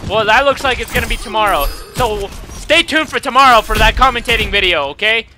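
High-pitched raging gamer guy. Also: brisk, over loud music. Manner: raging, swearing, shouting at other players. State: voice cracking from yelling. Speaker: gaming YouTuber. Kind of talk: angry live gameplay commentary.

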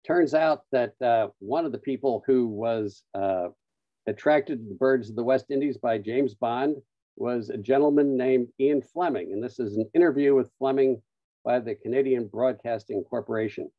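A man presenting a webinar, telling an anecdote-filled story with frequent "uh" pauses. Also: mid-range voice, dry recording. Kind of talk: storytelling talk. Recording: dull lo-fi online audio, dry.

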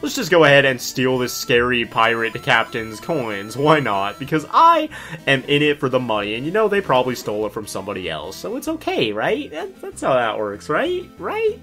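A chatty man narrating his own gameplay with jokes and asides. His voice jumps around a lot in pitch and sits at a middling height, and faint game music plays behind him. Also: creaky, sharp tone. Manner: joking, chatty, reads game dialogue aloud. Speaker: let's play host. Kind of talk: casual gameplay commentary.

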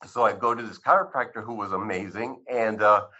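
A man in his fifties tells his personal story as an interview guest, his voice bright and forceful. He acts out past conversations with lively switches. The recording sounds a little dull and lo-fi. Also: on the low side, a little fast. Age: 50s. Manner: animated storyteller who acts out dialogue. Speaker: physician guest.

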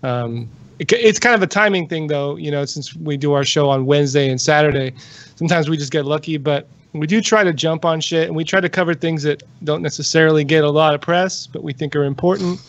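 A man's voice: on the high side, fairly quick, no room sound, muffled recording. A man appearing as a guest on a casual podcast, explaining things in an easygoing way. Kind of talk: casual panel chat.

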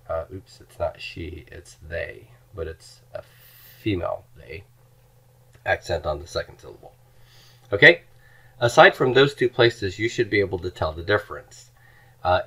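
A man with a very deep, low-pitched voice gives a recorded grammar lecture. He explains patiently, walking through word forms one by one and repeating them aloud for his students. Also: a bit bright, lo-fi sound. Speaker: Greek teacher.

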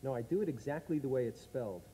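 A man's voice: medium pitch, lively intonation, fast talker, mellow, slight background noise, rough recording. An American man as a chat show guest, genially and patiently explaining his odd talent. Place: studio with live audience.

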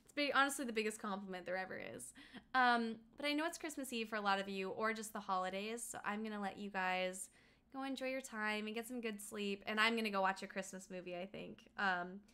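A young woman from Colorado chatting casually and quickly while streaming a game, reading out chat and humming along. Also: mid-range voice, bright, forceful tone, smooth. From Colorado, USA. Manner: fast-talking, chatty, reads chat aloud, hums along.

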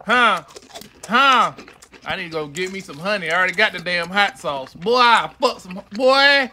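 A streamer doing casual reaction commentary, swearing freely and shouting questions back at the screen. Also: mid-range voice, expressive, moderate pace. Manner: profane, exclaiming, talking back to the screen. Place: home streaming setup. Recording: noisy stream mic.

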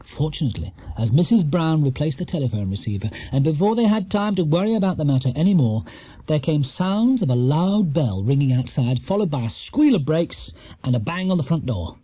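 A man narrating a children's storybook in a lively, expressive way. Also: fairly high pitch, fairly quick, slightly rough, dry recording. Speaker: audiobook narrator.

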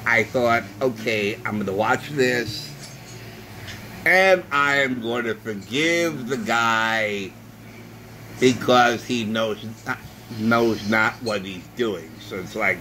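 A man rants to his camera, repeating himself with indignation. His voice sits low but sounds bright and forceful, and he draws his words out slowly. Faint air-conditioner hum hums behind him. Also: poor audio. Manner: indignant, repetitive, drawn-out phrasing. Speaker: vlogger. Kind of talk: ranting monologue.

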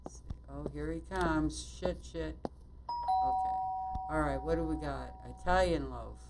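A woman playing a bakery shop game, muttering to herself as she works, with quick exclamations and mild swearing. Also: sits low, wildly swooping pitch, very noisy. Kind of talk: casual let's-play commentary.

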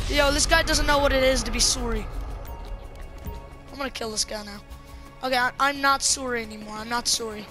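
A young woman giving jokey, excitable commentary while playing a game, repeating her apologies again and again. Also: a little high, a little fast, pauses often, soft background music. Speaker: gameplay streamer. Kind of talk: casual gameplay commentary.

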